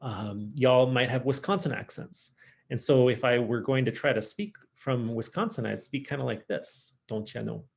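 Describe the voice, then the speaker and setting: A man with a Californian accent, teaching a French class online and modelling French words slowly and clearly. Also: mid-range voice, animated.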